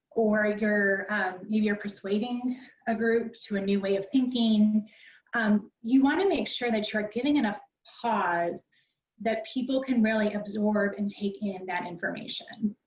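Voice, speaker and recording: Woman, presentation coach, conversational lecture, dull muffled sound, medium pitch. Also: steady tone, normal speed, distant mic. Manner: conversational and instructive, peppered with ums. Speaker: presentation skills instructor. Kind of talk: online library workshop lecture. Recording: dull, roomy sound from away from the mic.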